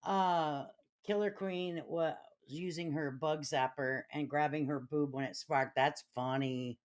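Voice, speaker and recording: A middle-aged woman with a Chicago accent hosts a casual live stream, talking in a brash, profane way and getting riled up and loud. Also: deep voice, fairly even intonation, measured pace.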